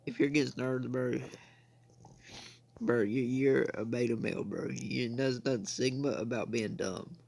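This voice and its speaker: Unhurried and steady in tone, this young U.S. gaming channel host has a medium-pitched, creaky, darkish voice. He meanders through laid-back gameplay commentary, saying "I mean" and "bro" over and over.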